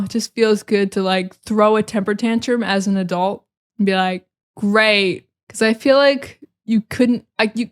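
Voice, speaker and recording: A young American woman hosting a casual solo podcast, sarcastic and expressive, slipping into dramatic mock rants. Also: mid-range voice. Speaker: podcast host.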